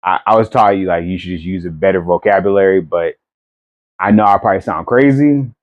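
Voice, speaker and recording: A man's voice: deep voice, fairly quick, muffled recording. Middle-aged male co-host, casual teasing storyteller with easy laughs. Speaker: podcast co-host, parent. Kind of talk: casual family chat.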